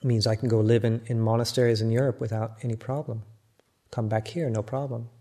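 An older man with an American accent, a Buddhist monk giving a reflective, gently self-mocking dharma talk. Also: mid-range voice, level tone, a little fast. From United States.

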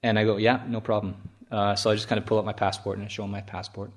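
Low-voiced chuckling monk telling a story. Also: male voice, completely flat delivery. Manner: chuckling, halting with many restarts. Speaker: Buddhist monk. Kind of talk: storytelling talk.

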